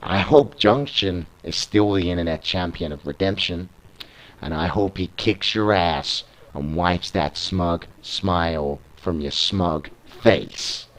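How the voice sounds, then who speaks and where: A man's voice: low-pitched, slow pace, a bit bright, rough recording. Scornful masked wrestler, read by a British man. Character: masked male wrestling champion, resentful.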